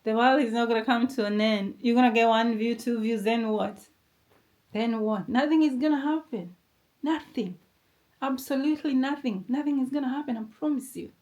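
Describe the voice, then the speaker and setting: A young adult woman speaks in a non-native English accent, her voice sitting slightly high. She delivers a motivational talk to camera, pressing each point through repetition and warmly calling the listener darling. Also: moderate pace. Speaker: motivational vlogger.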